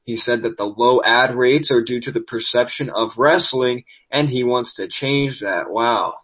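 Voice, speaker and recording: A man's voice: mid-range voice, measured pace, a bit bright, husky, rough recording. A man hosting a podcast, reading wrestling news with sarcastic asides, losing his voice. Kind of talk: casual news commentary.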